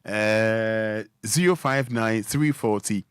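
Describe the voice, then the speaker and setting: A male radio host with a Ghanaian accent reading out listener comments on air, switching between Twi and English with many fillers and pauses. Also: on the low side, clean tone, no room sound, clean studio sound.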